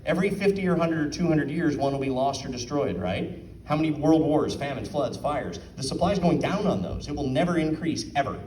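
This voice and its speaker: This man's voice is a little high, expressive, fairly quick and a little mellow. He's giving a relaxed presentation at an art auction, quizzing his audience and acting out quotes. Captured off the mic in a roomy space, the recording carries a faint hiss or hum.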